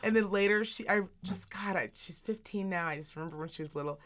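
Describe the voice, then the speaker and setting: A woman's voice: lowish voice, quick pace, fairly bright tone. A woman in her thirties chatting casually as a podcast co-host, candid and full of profanity as she tells family stories. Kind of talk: casual chat.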